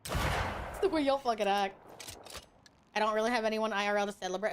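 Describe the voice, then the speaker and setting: Over a noisy background, a young Hawaiian woman speaks briskly at a medium pitch while gaming on stream and reading chat out loud. Her manner is teasing, crude and bold, and she laughs a lot as she casually chats.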